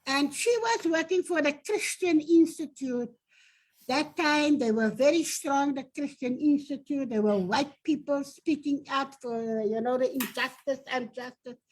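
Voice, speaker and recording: A woman's voice: sits high, a little slow, poor audio. An older woman with a South African accent, a union leader telling earnest stories from her past in an interview. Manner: earnest, reminiscing, animated storyteller. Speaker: domestic workers' union leader, guest. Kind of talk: personal storytelling in an interview.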